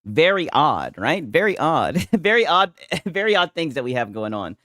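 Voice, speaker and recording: A man's voice: on the high side, big pitch swings, normal speed, pushed and bright, no echo, studio quality. A man casually chatting with his viewers and reading chat on a livestream, laid-back, swearing a lot and laughing often. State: tipsy from a couple of beers.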